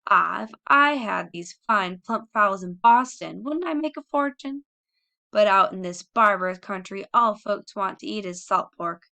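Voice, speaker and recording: Woman reading proud pioneer mother, bright, indignant and loud. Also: mid-range voice, expressive, normal speed. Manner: fierce, dignified outbursts. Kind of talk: audiobook character reading.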